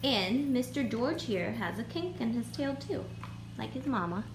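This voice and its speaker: A woman's voice: fairly high pitch, lively intonation, measured pace, noisy background. A woman boarding dogs who coos praise at them in a rising sing-song and chats casually about them. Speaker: dog boarder. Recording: echoey room with music behind.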